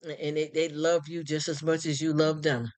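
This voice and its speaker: A live streamer in casual chat who talks in a warm, rambling, heartfelt way with many restarts. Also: mid-range voice, level tone, normal speed, no room sound. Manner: greets chat viewers by name and thanks them. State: choked up, near tears.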